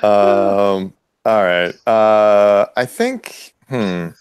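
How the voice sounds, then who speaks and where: A man's voice: lowish voice, drawn-out words, clean tone, no room sound. A man playing in a tabletop game, laid-back and casual, full of "like" and laughs. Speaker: player.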